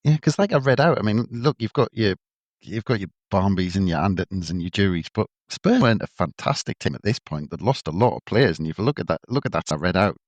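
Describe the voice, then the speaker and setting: A man's voice: low-pitched, animated, no echo. A man, co-hosting a podcast, chatty and teasing. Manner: chatty, teasing, quick to laugh. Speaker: podcast co-host. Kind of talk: casual chat.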